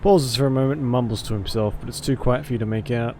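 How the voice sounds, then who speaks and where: A man narrating a visual novel aloud in a measured, theatrical way. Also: medium pitch, mellow, a little hiss or hum. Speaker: streamer and voice actor.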